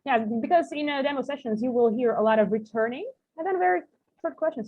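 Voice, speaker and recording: Her voice sits high and moves quickly as this Russian-accented woman teaches English online to coaches, illustrating points with examples and plenty of "like." The video call makes her husky voice sound tinny.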